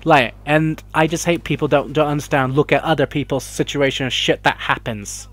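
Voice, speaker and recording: A man's voice: fairly high pitch, fairly even intonation, normal speed, fairly bright tone. A young man ranting emotionally to camera in a vlog, swearing and rambling as he gets worked up. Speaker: vlogger. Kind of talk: heated opinion rant to camera.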